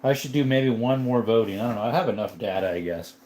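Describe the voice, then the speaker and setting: A man's voice: medium pitch, fast, dark tone. A man hosting a live stream, chatting casually, greeting viewers by name and laughing often. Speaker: livestream host. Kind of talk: casual live chat reading comments.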